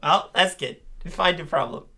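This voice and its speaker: A young man casually co-casting an amateur esports match, excitable, swearing, laughing and shouting at big plays. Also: on the high side, normal speed. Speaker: co-caster.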